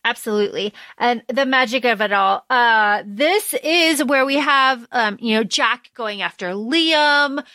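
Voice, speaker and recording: A woman co-host talks through a book in an eager, rambling way, full of fillers and restarts. Her voice is bright and a little high. The sound is close and dry, with no room echo. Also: measured pace, hardly any pauses. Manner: enthusiastic, chatty, lots of fillers. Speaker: podcast co-host. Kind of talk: casual book discussion.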